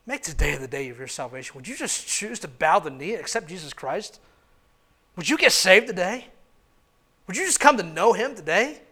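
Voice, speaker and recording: A man preaching a sermon in church, swinging from hushed, quiet lines to loud shouted ones and putting many questions to the congregation. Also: high-pitched. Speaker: pastor.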